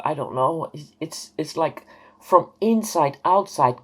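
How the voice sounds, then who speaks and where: A woman's voice: deep voice, measured pace. A woman in her fifties telling a personal story to camera, hesitant and rambling, with many fillers. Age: 50s. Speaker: vlogger.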